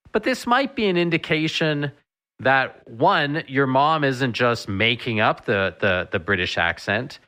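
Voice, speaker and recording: A man's voice: mid-range voice, pushed and bright. A man who is a veterinarian, talking casually as a radio guest, earnest and hesitant with repeated words.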